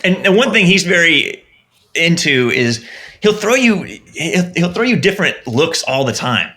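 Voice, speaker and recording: A man's voice: on the high side, very animated, moderate pace, bright, forceful tone. A man guest on a podcast, a film director in casual interview chat, speaking earnestly with many restarts.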